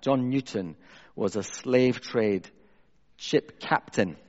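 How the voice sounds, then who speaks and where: A man preaching a sermon in an earnest manner, moving between raised emphasis and soft, hushed reflection. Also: on the low side. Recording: dull, lo-fi sound with long hall reverb.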